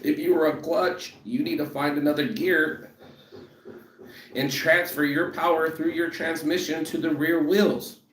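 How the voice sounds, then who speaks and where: A man's voice: on the high side, fairly even intonation, unhurried, fairly bright tone, a little hiss or hum. A man in a profane motivational rant about rejection, emphatic and repetitive, who says he is walking toward a train station. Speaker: vlogger. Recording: echoey, from a distance.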